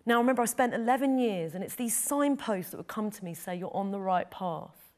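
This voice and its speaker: A middle-aged woman, a photojournalist appearing as an interview guest, shares a personal story in an earnest, heartfelt way. Her voice is medium in pitch, animated and brisk.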